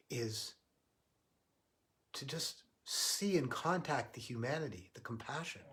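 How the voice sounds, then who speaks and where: A man giving a livestreamed spiritual talk, earnest and halting, often restarting his sentences. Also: medium pitch. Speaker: spiritual teacher.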